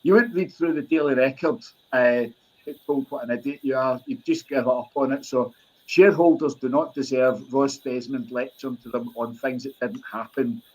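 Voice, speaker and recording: Guy on a podcast telling what he saw, mid voice, brisk, stumbles a bit then carries on. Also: mid-range voice, fairly even intonation, darkish tone, poor audio. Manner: brisk eyewitness storytelling with restarts. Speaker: podcast co-host. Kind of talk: casual podcast recap.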